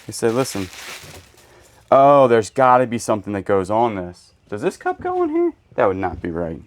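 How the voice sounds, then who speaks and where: Casual male reseller host, lively up-and-down delivery, joky asides, faint hiss and birds behind. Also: lowish voice, moderate pace. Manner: joking, goofy asides. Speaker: storage unit reseller host. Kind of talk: casual unboxing chat. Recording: faint background noise, birds.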